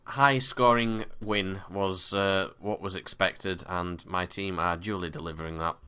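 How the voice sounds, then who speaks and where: Man, deep voice, bright and crisp tone, casual game commentary, excitable bursts. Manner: excitable match commentary with quick bursts and sighs. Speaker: gaming commentator. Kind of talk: casual let's-play commentary.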